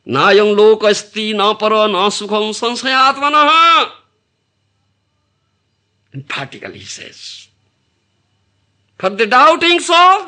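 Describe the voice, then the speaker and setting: A man's voice: extremely high pitch, sharp tone. A man teaching a devotional lecture to an audience, often asking them rhetorical questions and laughing as he explains. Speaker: spiritual teacher.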